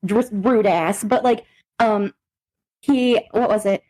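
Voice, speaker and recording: A young adult woman co-hosts a podcast, chatting casually, laughing often and swearing a lot. Her medium-pitched voice is warm, and she speaks slowly. The recording quality is low.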